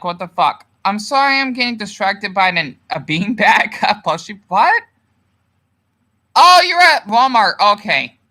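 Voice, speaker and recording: A man's voice: high-pitched, sharp tone. A man ranting emotionally on a livestream and reading viewer comments, swearing often and restarting his sentences.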